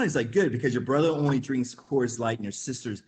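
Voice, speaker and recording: A man's voice: medium pitch, a little fast. A man who grew up in the Midwest, telling a rambling casual story with lots of fillers, laughs and acted-out quotes. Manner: acts out quoted voices. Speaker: webinar guest.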